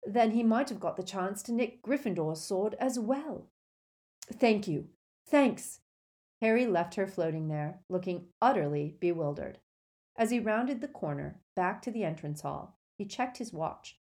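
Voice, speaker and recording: A woman narrating a storybook in a steady, measured way. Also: medium pitch.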